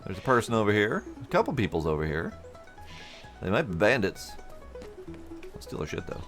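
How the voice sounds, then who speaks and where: Wry gamer muttering through play. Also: male voice, fairly low pitch, very animated, moderate pace, fairly bright tone. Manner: wry, muttering to himself, talks to the game. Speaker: game streamer. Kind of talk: casual game commentary. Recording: faint game music behind.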